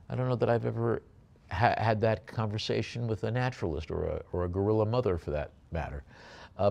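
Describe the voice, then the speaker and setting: A man working as an auctioneer, calling bids in a quick rhythmic patter and slipping into relaxed, joking asides about each lot. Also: mid-range voice, vocal fry. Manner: rapid bid calls mixed with chatty asides and quips.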